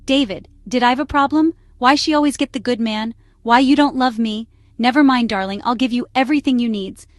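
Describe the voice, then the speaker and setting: A woman's voice: a little high, fairly quick, dry recording, lightly acted. Woman voicing a possessive rich young woman. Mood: pleading, boastful. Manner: pleading then threatening, broken grammar.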